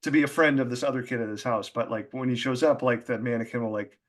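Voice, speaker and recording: A man's voice: mid-range voice, quick pace. A man, an author as guest, talking in a casual, rambling way with many fillers. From Boston area. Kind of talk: casual conversation.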